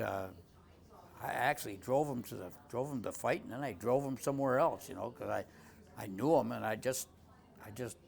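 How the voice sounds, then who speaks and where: A man's voice: mid-range voice, creaky. An older man who runs a tavern, telling old stories in a rambling way, full of restarts and "you know". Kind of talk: rambling spoken anecdotes.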